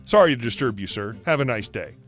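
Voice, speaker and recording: A man's voice: medium pitch, animated, quick pace, fairly bright tone, faint music behind, voice pushed down, close to an everyday voice. A man voicing a polite store manager in a suit who speaks formally. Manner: formal and courteous.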